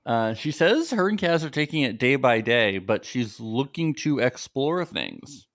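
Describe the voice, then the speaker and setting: An American man with a very lively, up-and-down voice, co-hosting a casual podcast recap. He talks in a jokey, sarcastic way, and the sound is close and dry, with no room echo. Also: a little slow. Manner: jokey, sarcastic, mimics cast members in falsetto. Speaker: podcast co-host.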